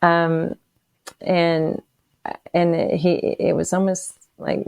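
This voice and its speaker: Podcast guest: a woman in her sixties with a low, gravelly voice, halting and emotional as she tells her testimony. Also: little pitch movement, darkish tone, no echo. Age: 60s. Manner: halting and emotional, with frequent restarts. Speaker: interview guest. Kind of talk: personal testimony in a podcast interview.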